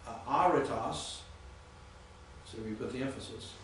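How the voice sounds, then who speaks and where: A man's voice: medium pitch, slight background noise. Echoey far-off man teaching in class. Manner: halting, repeats words, quizzes students. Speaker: Greek teacher. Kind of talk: classroom lecture. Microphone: distant room mic.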